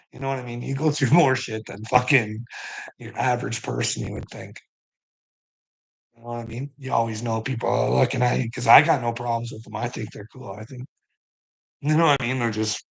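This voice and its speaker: Man, middle-aged, livestream host, gravelly, husky, rambling, teasing, laughs a lot. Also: mid-range voice, low-quality recording. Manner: rambling, teasing, laughs often, swears casually. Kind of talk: casual livestream chat answering viewers.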